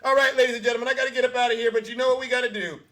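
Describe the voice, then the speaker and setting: Bright-voiced hyped male radio host. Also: extremely high pitch, fairly even intonation, rapid-fire. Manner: hyped, teasing, laughing at clips. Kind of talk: comedic talk radio commentary.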